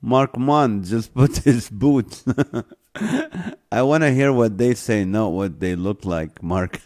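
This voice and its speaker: A man's voice: lowish voice, lively intonation, takes it slowly, long pauses, darkish tone. A man hosting a live online show, reading viewer comments aloud and chuckling often.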